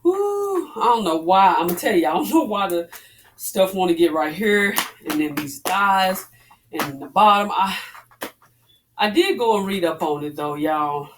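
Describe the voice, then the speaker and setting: A woman's voice: fairly low pitch, normal speed, a little hiss or hum. A woman in her forties chatting casually to her viewers while she works out, a little out of breath, calling them "y'all". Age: 40s. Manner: chatty, addresses viewers as y'all, breathy exclamations between exercises. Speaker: fitness vlogger. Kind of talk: casual chat while working out.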